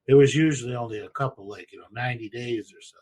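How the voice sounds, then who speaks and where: A man's voice: medium pitch, fast, crowd noise. A man telling stories in a loose, rambling and profane way as host of a casual chat show. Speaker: podcast host.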